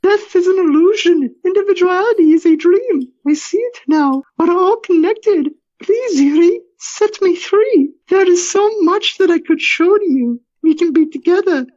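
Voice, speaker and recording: A shapeshifting creature speaks through a lost wife's face. The voice is a thin, very high falsetto, pleading and eerily serene, far above the reader's normal range. The podcast audio sounds a little muffled. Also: normal speed. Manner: pleading, otherworldly calm.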